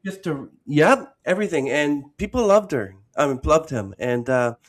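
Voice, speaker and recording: A man hosting a podcast, asking relaxed questions and telling easygoing anecdotes. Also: a little high, normal speed. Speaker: podcast host. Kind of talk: casual interview chat.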